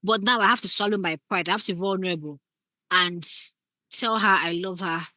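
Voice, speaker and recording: A woman's voice: fairly low pitch, fairly quick, sharp tone, no echo. A woman teaching scriptwriting in a casual lecture, acting out short example lines as she explains. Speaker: scriptwriting instructor.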